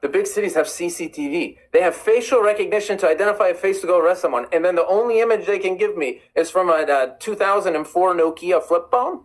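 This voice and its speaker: A man's voice: high voice, quick pace, few pauses, rough recording. An Iranian-American man hosting a live stream, chatting with callers and reading viewers' comments aloud. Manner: animated, conversational, addresses viewers by name. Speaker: livestream host.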